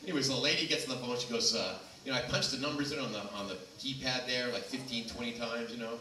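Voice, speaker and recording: A man's voice: mid-range voice, fast talker, pushed and bright. Man doing stand-up, rambling, crowd work, echoey room, mic at a distance, noisy background. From Los Angeles. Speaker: stand-up comic. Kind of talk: stand-up comedy set. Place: small comedy venue.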